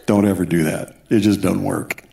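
Guy preaching a testimony in church, lowish voice, tells it like a story with little asides, echoey room. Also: fairly even intonation, normal speed, gravelly, warm tone. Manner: storytelling with asides and quoted dialogue. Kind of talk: sermon testimony. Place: church sanctuary.

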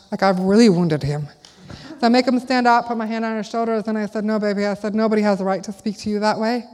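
Woman preaching in a reverberant church hall. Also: medium pitch. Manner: candid, animated storytelling, acts out her own lines. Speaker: speaker at a church service. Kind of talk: sermon with personal storytelling.

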